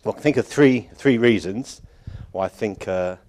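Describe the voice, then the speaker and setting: A man's voice: fairly low pitch, normal speed, a little mellow. A man giving an informal, rambling closing address at a church conference. He chuckles often and keeps correcting himself. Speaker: conference organiser addressing congregation.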